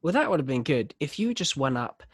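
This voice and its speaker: A man's voice: mid-range voice, very animated, fairly quick, slight background noise. A man hosting a podcast, teasing his friend in casual, laughing chat with plenty of swearing. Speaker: podcast host.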